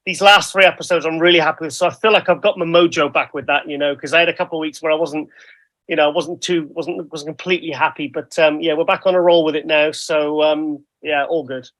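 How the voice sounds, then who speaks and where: A man's voice: fairly high pitch, steady tone, fast, a bit bright, low-quality recording. A British man co-hosting a casual podcast, rambling through stories in a self-deprecating way. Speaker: co-host.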